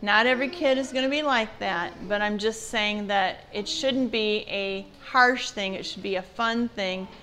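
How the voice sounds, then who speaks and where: A woman's voice: medium pitch, unhurried, few pauses, fairly bright tone, slight background noise. A woman giving a church parenting seminar in a conversational way, asking her audience questions. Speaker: parenting class speaker.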